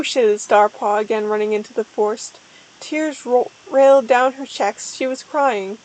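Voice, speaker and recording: High-voiced woman reading aloud slowly. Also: darkish tone, low-quality recording. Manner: stumbling over misspelled words. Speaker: streamer. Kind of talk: comedic dramatic reading.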